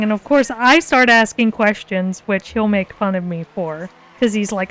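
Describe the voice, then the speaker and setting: A woman's voice: mid-range voice, fairly even intonation, normal speed, few pauses. A young woman casually telling a story on a live stream, laughing often as she talks. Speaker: co-host of art and gaming stream.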